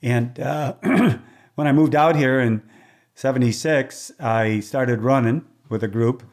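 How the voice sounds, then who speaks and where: A man's voice: mid-range voice, slow pace. Older man telling stories casually. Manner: lively storyteller who acts out quoted dialogue; chatty, with restarts and throat clearing. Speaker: guest, race announcer. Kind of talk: casual conversational storytelling.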